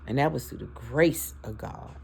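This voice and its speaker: A woman's voice: very deep voice, normal speed, gravelly, a little hiss or hum. A woman in her fifties talking to her followers in a casual, heartfelt and preachy way, emotional about her family. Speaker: vlogger. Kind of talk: casual heartfelt talk to camera.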